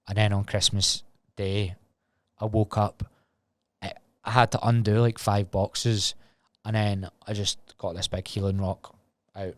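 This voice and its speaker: A man's voice: low voice, little pitch movement, unhurried, pauses often, dry recording. A Scottish man in his twenties talking candidly and rambling on a solo podcast, swearing freely. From Scotland. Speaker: podcast host.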